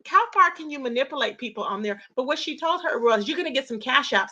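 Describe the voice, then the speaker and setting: A woman's voice: high-pitched, expressive, quick pace, few pauses, sharp tone, dull audio. A woman hosting a casual gossip livestream, reading chat and reacting with lots of exclamations. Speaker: livestream host.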